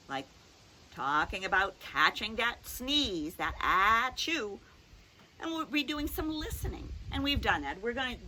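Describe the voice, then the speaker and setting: An older woman teaching young children a phonics lesson, playful and fond of drawn-out sound demonstrations. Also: fairly high pitch, pushed and bright, a little hiss or hum.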